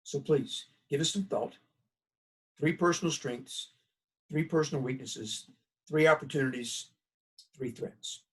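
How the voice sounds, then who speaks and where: Unhurried and pausing often, this Southern American lecturer has a slightly high, husky voice, picked up far from the mic. His recorded college class is folksy and conversational, told through animated stories.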